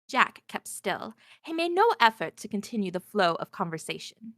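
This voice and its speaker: A woman reading a visual novel aloud, narrating in the first person and voicing the heroine with a lively, wondering manner. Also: a little high, normal speed, few pauses, dry recording, studio quality.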